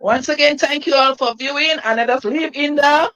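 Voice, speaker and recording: A woman's voice: sits high, normal speed, a bit bright, a little hiss or hum. A woman news reporter conducting a field interview, polite and formal. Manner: polite, formal sign-off phrasing.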